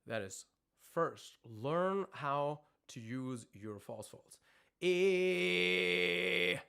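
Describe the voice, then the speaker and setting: A man's voice: medium pitch, expressive, slow pace, fairly bright tone. A man giving a live-streamed vocal lesson, explaining technique in detail and breaking into sung notes and screamed demonstrations. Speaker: vocal coach.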